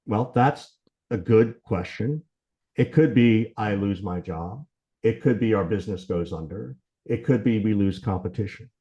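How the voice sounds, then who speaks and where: A middle-aged man from Georgia, USA, speaks in a low, mellow voice. He runs a sales training talk quickly and conversationally, often tagging lines with "right?" and "you know" as he acts out bits of dialogue. The recording sounds a little dull. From Southern US, Georgia.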